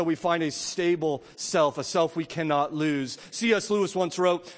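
High-voiced man preaching in a reverberant church. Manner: earnest, animated preaching with frequent restarts. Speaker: pastor. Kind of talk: sermon. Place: church sanctuary.

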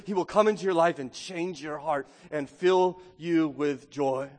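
A man preaching a sermon as pastor, earnest, swinging from loud emphasis to a hush. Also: a little high, fairly even intonation, moderate pace, hardly any pauses. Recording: long reverb of a large hall.

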